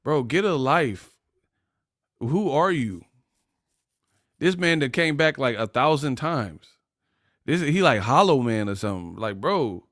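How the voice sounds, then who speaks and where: A man's voice: mid-range voice, very animated, unhurried, pauses often, a bit bright, no room sound, studio quality. A man hosting a casual boxing livestream, laughing often and trash-talking his chat readers.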